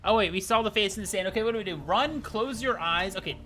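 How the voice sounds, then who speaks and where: A man's voice: high-pitched, quick pace, bright, forceful tone, faint music behind. A man streaming a game live, chatting casually with his viewers, rambling and swearing freely.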